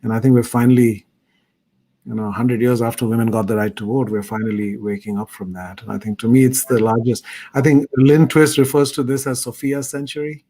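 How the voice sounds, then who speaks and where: A middle-aged man, appearing as a guest speaker on a video call, shares a reflective personal story in an earnest, thoughtful way. His mid-range voice is warm and brisk, with fairly even intonation.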